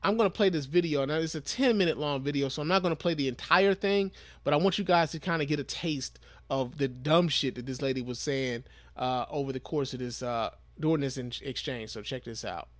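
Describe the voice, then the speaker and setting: A man with a high voice talks through a video he is sharing, blunt and profane in his commentary. His voice sounds dry and close, with no room around it. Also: a little fast, a bit bright, no room sound. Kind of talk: casual commentary.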